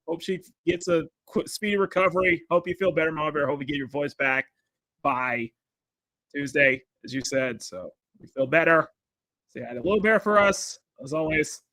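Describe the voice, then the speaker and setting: A man's voice: a little high, normal speed, pushed and bright, no echo. A man hosting a casual livestream while he draws, rambling and restarting his sentences, with frequent laughter. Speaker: livestream host.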